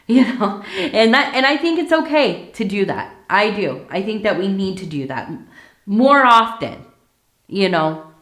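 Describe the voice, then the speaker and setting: Slow, chatty woman tea leaf reader. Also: mid-range voice, lively intonation, a bit bright, reverberant. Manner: chatty, many fillers and asides. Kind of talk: casual ASMR reading.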